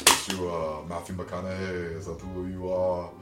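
A man doing improv comedy in a rambling, loose way that now and then jumps to shouting. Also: low-pitched, level tone, moderate pace, roomy sound, recorded from a distance, loud music behind the voice. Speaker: improv performer.

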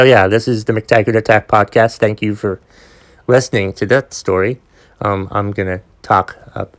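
A man's voice: fairly low pitch, a bit bright. Profane, exasperated podcast host, a man. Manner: exasperated, profane ranting storyteller. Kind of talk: solo podcast rant.

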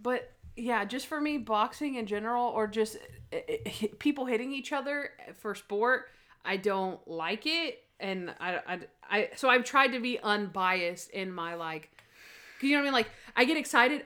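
A woman's voice: a little high, moderate pace. A woman co-hosting a casual podcast, reviewing a TV episode with lots of fillers and acted-out quotes. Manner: animated, acts out quotes, many fillers. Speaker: podcast co-host.

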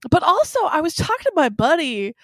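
Young woman, casual storyteller, slightly high voice, dry recording, plays all the parts in her stories. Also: fairly quick, no echo. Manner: animated storyteller acting out quotes. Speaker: friend chatting. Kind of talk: casual chat.

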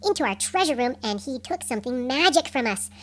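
A woman voicing an earnest young princess, speaking softly and slowly in a bedtime story. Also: sits high, animated, pitched below the performer's own voice. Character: earnest young princess asking pirates for help.

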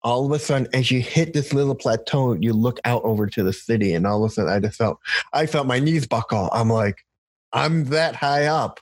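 A man's voice: mid-range voice, a little fast, a little mellow, no room sound. A man hosting a casual interview, telling a story in a rambling way with many restarts. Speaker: podcast host. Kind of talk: casual conversation.

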